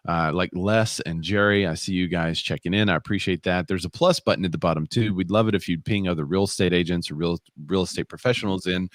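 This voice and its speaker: Male co-host, low voice with animated swings, casual banter, dry close mic. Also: no echo. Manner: lively, reads viewer comments aloud. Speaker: podcast co-host. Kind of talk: casual live show chat.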